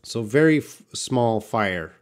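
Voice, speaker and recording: Slow, patient male English teacher. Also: mid-range voice, expressive. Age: young adult. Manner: slow, patient explaining with restarts and fillers. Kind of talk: live Q&A lesson, reading viewer questions.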